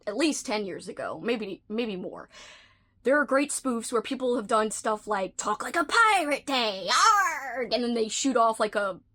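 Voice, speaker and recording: A woman's voice: a little high, animated, normal speed. A woman hosting a casual vlog, chatting in a playful, talkative way and slipping into whispered asides now and then. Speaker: video host.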